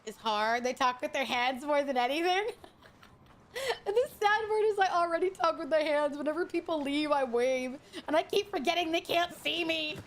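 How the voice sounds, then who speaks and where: A woman's voice: high-pitched, normal speed. A woman VTuber chatting casually while gaming, swearing freely and greeting viewers with affection. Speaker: VTuber streamer. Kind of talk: casual gaming stream chat.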